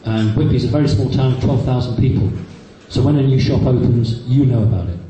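Before a live audience in a very echoey hall with faint background noise, a man in his fifties shares anecdotes from his own life. He speaks at a quick pace in a mellow, medium-pitched voice, often using fillers and restarting sentences.

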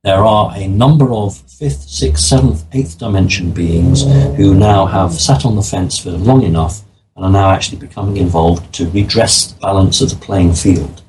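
Low-voiced man, earnest guest. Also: normal speed, background noise. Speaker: interview guest. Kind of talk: interview conversation.

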